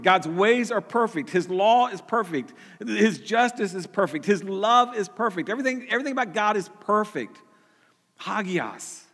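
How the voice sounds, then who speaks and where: A man's voice: high voice, a bit bright, big-room sound. A man preaching a sermon as pastor, earnest, often repeating words and restarting his sentences.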